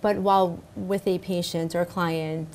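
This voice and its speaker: A middle-aged woman speaking as a spirit medium guest in casual interview chat, warm and enthusiastic, often repeating herself. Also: on the low side, steady tone, moderate pace, slight background noise. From United States.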